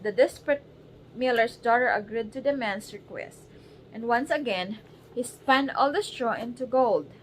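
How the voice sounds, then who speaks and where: A mother reads a storybook aloud to her baby at bedtime, her voice a bit high. She keeps the narration casual and breaks off to coax the wriggling child. Faint background noise sits under the recording at home. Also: normal speed, rough recording. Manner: casual reading, distracted, coaxing a wriggling baby.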